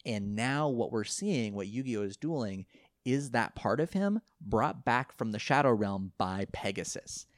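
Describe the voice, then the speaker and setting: Recapping an anime episode for a podcast, this co-host rambles in a lively, casual way, frequently laughing and repeating characters' lines. His medium-pitched voice is unhurried, and the clean studio recording has no room sound.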